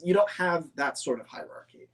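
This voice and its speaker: Chatty man with a higher voice. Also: lively intonation, moderate pace, fairly bright tone. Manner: rambling, many fillers and restarts, enthusiastic. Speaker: scale model hobbyist answering viewer questions. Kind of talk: casual chat.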